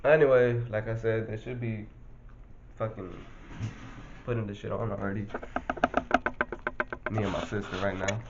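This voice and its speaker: A man's voice: lowish voice, fairly even intonation, normal speed, vocal fry, long pauses, lo-fi sound, heavy background noise. A young man in casual vlog chat, laid-back and full of profane street slang, filmed on a phone. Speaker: vlogger.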